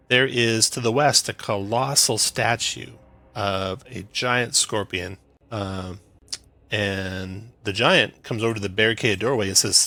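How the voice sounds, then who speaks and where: Casting: male game master, lowish gravelly voice with a bright edge, brisk narration. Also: no room sound.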